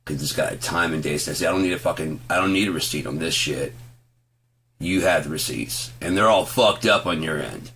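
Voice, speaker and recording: Angry man venting to camera in a low, rough voice, swearing nonstop. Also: fairly quick. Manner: heavy swearing, retelling an argument with quoted back-and-forth, rising to shouts. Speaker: vlogger ranting to camera. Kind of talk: angry profane rant.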